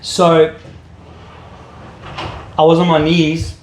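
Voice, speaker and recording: A man's voice: on the high side, completely flat delivery, extremely slow. A man with a South African accent telling his personal faith story in an interview, earnest and emotional. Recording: echoey room with faint ambient noise.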